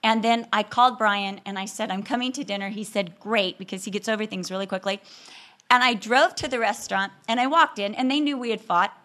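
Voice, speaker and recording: A woman's voice: mid-range voice, a little fast. A woman speaking to a women's audience about marriage, telling a funny personal story and acting out the quoted lines. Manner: animated, humorous, acts out quotes.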